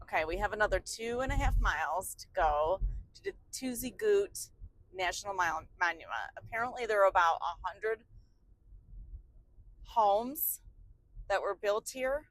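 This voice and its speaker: A woman's voice: medium pitch, lively intonation, normal speed, fairly bright tone, dry recording. A woman vlogging a road trip in a casual, chatty way, full of exclamations and the filler "like". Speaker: travel vlogger. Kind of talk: casual travel chat. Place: traveling by car.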